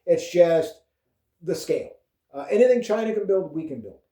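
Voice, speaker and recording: A man's voice: high voice, expressive, normal speed, mellow. A Canadian man vlogging a casual political rant, rambling and profane, full of fillers and chuckles. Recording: echoey room.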